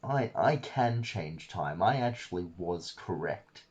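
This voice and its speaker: A defiant male time traveller swept up in his own power, as a man reads him out on a podcast. The voice is husky and low-pitched, with grand declarations. It is delivered casually rather than fully performed. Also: animated, takes it slowly, darkish tone, muffled recording, exaggerated voice.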